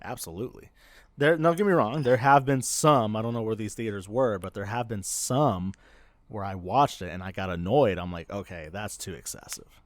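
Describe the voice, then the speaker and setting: A man's voice: fairly low pitch, moderate pace, dry recording. A man co-hosting a podcast, telling stories in casual chat, rambling with frequent laughter and restarts. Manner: rambling storyteller, laughs often, many restarts. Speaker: podcast co-host.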